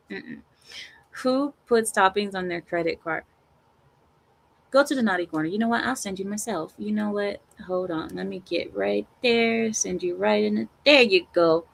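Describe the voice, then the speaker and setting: Woman streamer chatting with chat, teasing and animated, laughs a lot. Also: mid-range voice, vocal fry. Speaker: livestream host. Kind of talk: casual live-stream chat.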